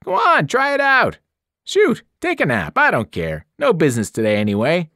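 A man's voice: medium pitch, big pitch swings, normal speed, no room sound, clean studio sound, lightly acted. A man doing a smarmy reptilian salesman. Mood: pushy.

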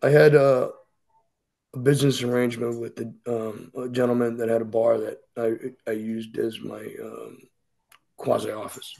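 A man's voice: medium pitch, level tone, normal speed, vocal fry, a little mellow, rough recording. A middle-aged man, speaking as a podcast guest and telling his story bluntly and profanely. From Boston. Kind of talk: candid storytelling interview.

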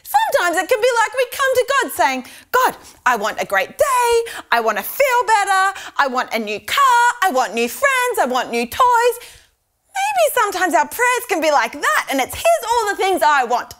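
An Australian woman leading a lively preschool church lesson, asking the children questions and drawing out her words. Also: extremely high pitch, normal speed. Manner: animated, exaggerated, asking kids questions.

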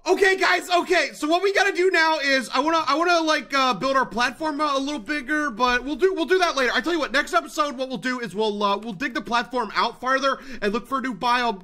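A hyper male gaming YouTuber with a very high, sharp, bright voice that swings all over the place. He narrates his play loudly and excitably, repeating himself and calling his viewers dudes. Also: fairly quick, few pauses. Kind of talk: excited let's-play commentary.

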